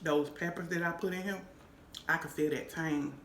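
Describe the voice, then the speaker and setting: Low-voiced chatty woman cooking host. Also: steady tone, normal speed, a bit bright. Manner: chatty, savoring aloud with lots of hums and "y'all". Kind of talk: casual cooking vlog, tasting food on camera. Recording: echoey room with faint noise.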